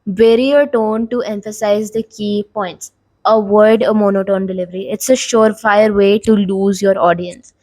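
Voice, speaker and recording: Young female tutorial host, mid-pitched, casual explainer, dead-dry room. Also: fairly even intonation, moderate pace, a little mellow, dry recording. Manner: casual and instructive, frequent "like" fillers. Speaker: YouTube host giving tips. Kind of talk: talking-head tutorial.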